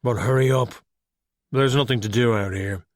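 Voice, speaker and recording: A man voicing a calm, dry-witted skeleton detective who speaks in a measured, deadpan way. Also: medium pitch, no room sound, natural voice.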